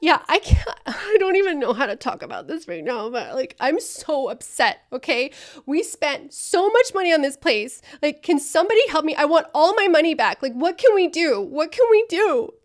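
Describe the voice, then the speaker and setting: A woman's voice: high voice, big pitch swings, moderate pace, pitched above the performer's own voice. A woman playing an upset, demanding female customer who acts like a child, frantic and whiny.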